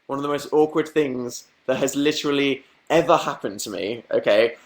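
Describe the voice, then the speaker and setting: A young man talking casually into his webcam, reading out comments and spinning awkward stories. He laughs often and mimics other people in a lifted, squeaky voice for comic effect. The pitch sits in an ordinary middle range. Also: moderate pace. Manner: chatty storytelling, acting out quotes in higher voices, laughing. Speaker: livestream host. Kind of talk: casual livestream chat.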